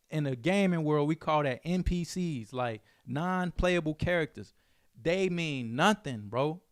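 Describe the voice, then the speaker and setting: Young male reaction host from Chicago, streetwise slang, dry close sound, slightly high voice. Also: no room sound. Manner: animated, streetwise slang, repeats himself. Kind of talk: casual commentary.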